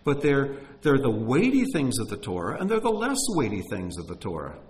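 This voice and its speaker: A man's voice: medium pitch, wildly swooping pitch, a little fast. A man preaching a sermon in a conversational teaching tone, with emphatic rises and frequent restarts.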